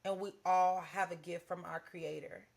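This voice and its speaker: A woman with a lowish, gravelly voice co-hosts a podcast, chatting casually about faith at a moderate pace. She tells an animated story, acting out her own prayers to God along the way.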